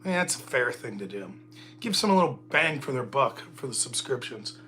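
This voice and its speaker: Guy rambling on his home livestream, bright tense voice, faint music behind, jokey and self-mocking. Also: mid-range voice, sing-song, brisk. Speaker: livestream host. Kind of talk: casual solo livestream chat.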